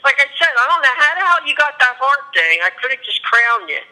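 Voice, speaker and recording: A woman's voice: high voice, big pitch swings, a little fast, sharp tone, rough recording. A middle-aged woman on a speakerphone line, a mother chatting bluntly and repeating herself in a casual family call. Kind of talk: casual family phone chat.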